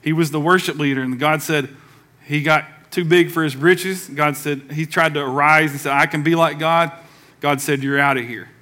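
Man, pastor, sermon, bright tone, slightly raised pitch, conversational, acts out quoted voices. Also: fairly even intonation, normal speed. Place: church sanctuary.

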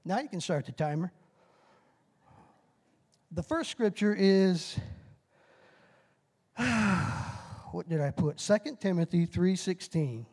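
Middle-aged lay preacher with a high, light voice. Folksy and fired up, calls for responses and whoops. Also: male voice, takes it slowly, pauses often, breathy edge. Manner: excitable, bursts into shouted whoops; folksy, self-deprecating about his nerves. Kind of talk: short timed sermon with call-and-response.

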